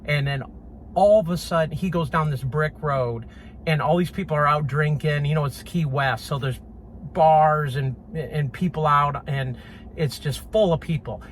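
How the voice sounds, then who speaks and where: Man, casual storytelling, animated, laughs often, fairly high pitch, faint background noise. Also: moderate pace. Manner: animated, laughs often, mimics horn beeps. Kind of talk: casual anecdote.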